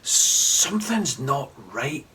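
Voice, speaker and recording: Unlucky schoolboy sleuth, voiced by a man reading aloud: low, confiding, animated. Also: takes it slowly, slightly rough, full character voice. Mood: puzzled. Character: unlucky, curious young boy detective.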